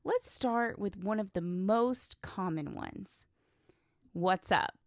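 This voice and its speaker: A woman hosting a language lesson, speaking slowly and with emphasis. Her voice sits in an ordinary middle register. The sound is close and dry, with no room around it. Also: mid-range voice, a little mellow, no echo. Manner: deliberate, emphatic teaching delivery. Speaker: English teacher, podcast host. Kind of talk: scripted lesson narration.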